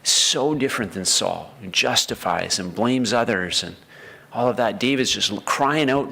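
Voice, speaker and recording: Male pastor, earnest sermon delivery, gravelly and bright. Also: medium pitch, lively intonation, unhurried. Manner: earnest, acts out the prayers of the story with feeling.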